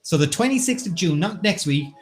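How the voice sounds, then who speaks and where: A man's voice: high voice, lively intonation, fairly quick. A man with an Irish accent co-hosting a casual online quiz, bantering and reading out the chat. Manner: joking, bantering, reads chat aloud. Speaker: quiz co-host.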